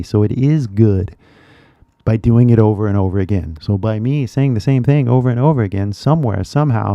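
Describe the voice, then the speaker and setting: A man's voice: medium pitch, dark tone, no echo, lo-fi sound. A man talking casually to viewers on a live stream about learning English, rambling and often asking "you know what I mean?". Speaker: English-teaching YouTuber. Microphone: webcam setup at a computer.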